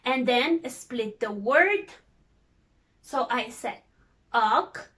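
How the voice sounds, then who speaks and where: Teacher: woman, high voice, very slow and patient, repeats each word for young learners. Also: animated, fairly bright tone. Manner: slow, patient, repeats words and spells out vowels. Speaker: English teacher. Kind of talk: recorded lesson for young learners.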